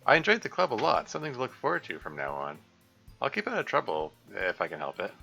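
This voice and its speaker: A man's voice: medium pitch, huge pitch swings, fast, creaky, pushed and bright, soft background music, voice pushed up, exaggerated voice. A man with a put-on British accent voicing an awkward, flustered schoolboy protagonist in a visual novel.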